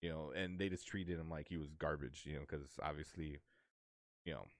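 A man in a casual chat about a movie, trailing off softly and filling gaps with "you know" and "like". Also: extremely low pitch, fairly even intonation, normal speed, dry recording, clean studio sound. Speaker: movie discussion co-host.

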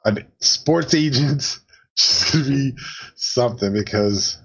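A man, a father, chatting casually on a podcast, telling stories about his young daughter and acting out her lines in a higher voice. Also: slow, lo-fi sound, slight background noise. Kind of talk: casual chat, storytelling.

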